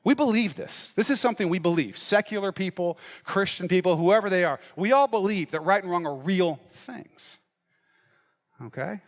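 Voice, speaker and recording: A man's voice: high-pitched, moderate pace, long reverb tail. A male pastor giving a conversational sermon, checking in with his listeners and acting out both sides of an argument. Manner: conversational, checks in with "right?" and "okay?". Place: church.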